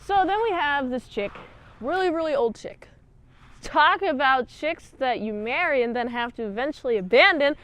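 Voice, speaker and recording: Chatty high-voiced woman reviewer. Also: expressive, moderate pace, a bit bright. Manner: chatty, jokey, with many fillers and retellings. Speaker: video reviewer. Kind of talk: casual review monologue.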